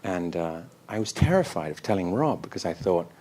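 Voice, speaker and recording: A man, a guest in an interview, telling animated, self-deprecating stories and acting out the voices. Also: deep voice, brisk. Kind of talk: anecdotal storytelling in an interview.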